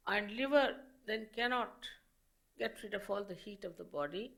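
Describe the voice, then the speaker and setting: Gravelly-voiced woman giving a spiritual talk. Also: a little high. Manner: slow, measured explaining with pauses. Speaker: spiritual teacher. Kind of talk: public spiritual lecture.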